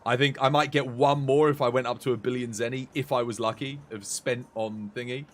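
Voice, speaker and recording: A young man streaming a game, chatting excitably with his viewers. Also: medium pitch, a little fast. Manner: chatty, excitable, talks to chat. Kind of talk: casual live-stream chat.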